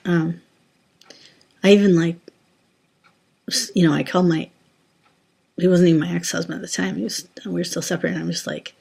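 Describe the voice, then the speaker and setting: A woman's voice: on the low side, fairly even intonation, fairly quick, vocal fry, pauses often, mellow, husky. A woman telling a personal faith story in a casual, rambling way, with many fillers and restarts. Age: adult, former teacher. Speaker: Christian sharing a testimony.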